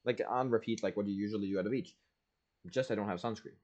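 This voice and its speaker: A young man streaming, telling a story casually and animatedly, jumping between loud bursts and low asides, full of "like". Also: fast, muffled recording. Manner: casual, peppered with "like" and "blah, blah".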